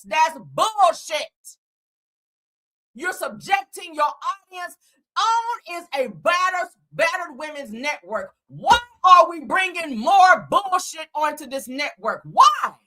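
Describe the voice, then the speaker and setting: A woman's voice: very high-pitched, bright, forceful tone. Fiery, profane woman ranting on reality TV. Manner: blunt, profane, heated, sarcastic. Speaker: host.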